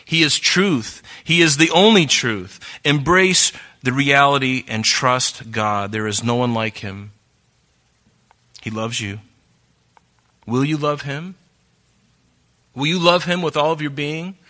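Bright-voiced preacher man, earnest. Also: medium pitch, slow pace, pauses often. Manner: earnest, swings between hushed and emphatic; reads scripture aloud and tells listeners to mark their Bibles. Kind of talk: sermon.

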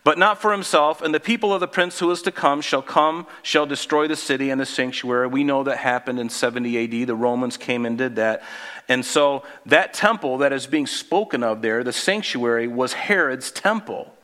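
This sermon from a male pastor moves at a moderate pace in a conversational style. He puts questions to the congregation and sinks into a low, quiet voice for emphasis.

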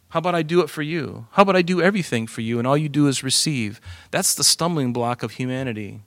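A man preaching a sermon, lively and animated, swinging from loud emphasis to hushed asides. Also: a little high, fast talker, few pauses, no echo. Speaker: pastor.

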